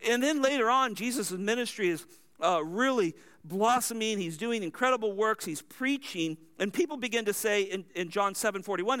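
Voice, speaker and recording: A man's voice: high voice, expressive, normal speed, a bit bright, smooth. A man preaching a verse-by-verse sermon, explaining the text in a teaching manner with asides.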